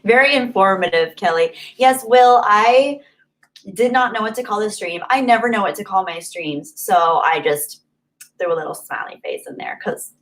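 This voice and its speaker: A young woman hosts her live stream in a relaxed, chatty way, laughing easily as she reacts to viewers. Her voice sits at an ordinary middle pitch, and her talk rambles freely with little polish. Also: normal speed, low-quality recording. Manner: chatty, giggly, off-the-cuff. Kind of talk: casual live-stream chat.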